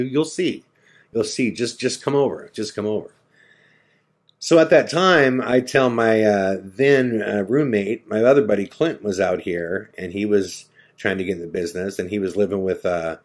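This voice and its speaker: A middle-aged man hosting a podcast, telling a story in a lively way and acting out the people he quotes. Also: lowish voice, fairly quick. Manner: animated storyteller, acts out quoted dialogue. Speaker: podcast host.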